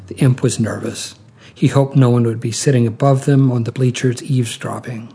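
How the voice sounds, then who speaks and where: A man reading a short story aloud in a calm, measured way. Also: mid-range voice, creaky, husky. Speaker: narrator.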